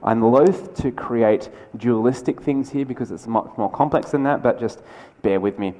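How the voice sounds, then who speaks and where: A man giving a conversational, energetic conference keynote, with quick asides and restarts. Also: mid-range voice. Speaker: keynote speaker. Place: large lecture hall. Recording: lecture hall with long reverb.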